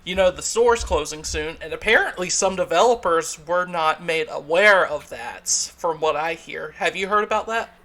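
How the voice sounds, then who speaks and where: A man's voice: on the high side, moderate pace, hardly any pauses, sharp tone. Upbeat Southern man hosting a podcast. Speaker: podcast host. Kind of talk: casual podcast chat.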